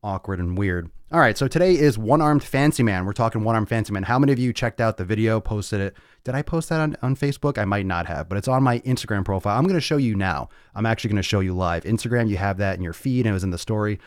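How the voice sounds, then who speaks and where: A man's voice: on the low side, animated, quick pace, hardly any pauses, no echo, studio quality. A man hosting a livestreamed fitness podcast, talking in a brash, profane way straight to his viewers.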